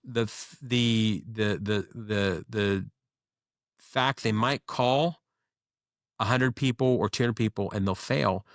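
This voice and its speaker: A man, a guest business owner, telling stories in a casual interview with quick, animated delivery and frequent restarts. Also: lowish voice, no room sound, studio quality.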